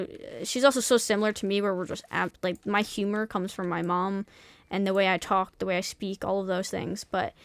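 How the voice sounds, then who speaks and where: A woman's voice: medium pitch, vocal fry, a bit bright, clear, resonant tone, no echo. A young woman streamer in casual chat, talking candidly and swearing freely, with many restarts and fillers.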